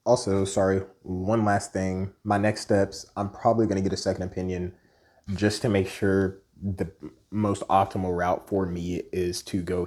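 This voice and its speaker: A man's voice: sits low, a little mellow. A young adult man vlogging in a candid, rambling, self-deprecating way. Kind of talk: casual personal vlog monologue.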